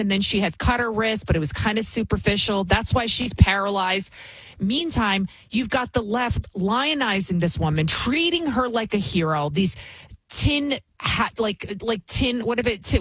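A woman's voice: a little high, husky, dry recording. A woman hosting her own commentary show, speaking with indignant emphasis and repeating phrases for effect. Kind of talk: opinionated commentary.

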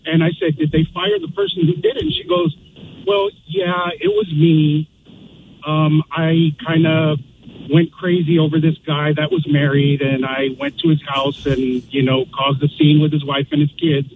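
A man's voice: a little high, normal speed. A man calling into a radio show, telling a rambling story full of fillers. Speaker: caller. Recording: tinny phone line with noise.

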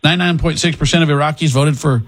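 A man's voice: on the high side, racing. A middle-aged man hosting a casual radio call-in show, joking and restarting his sentences. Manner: jokey, animated, restarts sentences. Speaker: radio talk show host.

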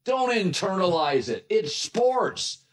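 A man's voice: sits high, sing-song, slow. A middle-aged man hosting a sports talk show, delivering an emphatic, opinionated monologue in a conversational way.

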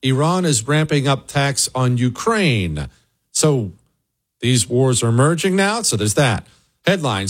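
A man hosting a political talk show, delivering an opinionated monologue and answering listener questions, jumping up in pitch on rhetorical questions. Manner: emphatic, rising to high excited pitch on rhetorical questions.

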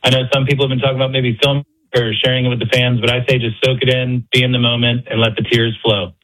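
A man's voice: mid-range voice, little pitch movement, fast, a bit bright, rough recording. A man calling in to a radio show, speaking in a friendly, well-wishing way. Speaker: caller. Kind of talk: radio call-in.

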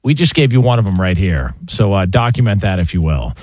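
A man's voice: low-pitched, big pitch swings, brisk, a little mellow, dry recording. A man hosting a sports radio show, steering the talk and reading betting odds and affiliate announcements. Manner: smooth broadcast delivery, reads sponsor and affiliate notes.

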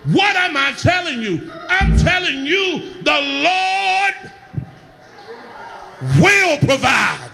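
A middle-aged male pastor preaches an impassioned sermon in a very high-pitched, creaky voice, very animated yet slow-paced. He swings from quiet storytelling to shouting calls for the congregation to respond.

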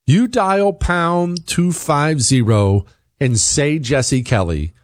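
A combative male talk radio host whose pitch swings widely as he hammers his points. His voice is dry and close on a studio microphone, delivered in an emphatic, opinionated monologue full of rhetorical questions. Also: big pitch swings, unhurried, dry recording.

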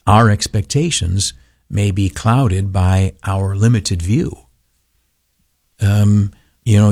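A man's voice: fairly low pitch, a little mellow, no room sound, studio quality. An older man giving an informal devotional talk in a folksy, rambling way with many fillers.

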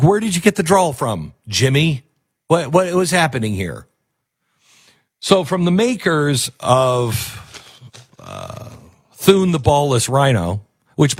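Low, husky-voiced talk radio host. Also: male voice, dry recording, clean studio sound. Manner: sarcastic, joking, loose with fillers. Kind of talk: casual talk radio commentary.

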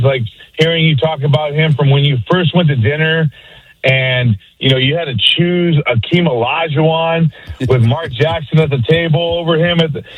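Husky male radio caller, dull line. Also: on the high side, no room sound. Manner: enthusiastic, casual, rambling. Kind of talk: call-in radio chat.

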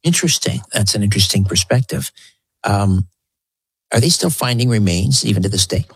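A man hosting an interview, asking curious, halting questions. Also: fairly low pitch, animated, slightly rough, dry recording. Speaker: interview host.

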